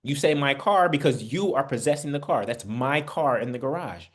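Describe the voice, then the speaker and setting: Speaking in a mid-range voice at a normal pace, this man uses lively intonation. In an online Bible study session he delivers spiritual teaching like a casual sermon, treating listeners as family and posing rhetorical questions.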